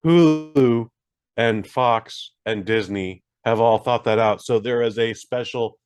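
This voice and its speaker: A man's voice: medium pitch, slow, darkish tone, clean tone. A man co-hosting a podcast, reviewing a movie in casual, rambling chat with many fillers and jokes at his own expense. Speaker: podcast co-host.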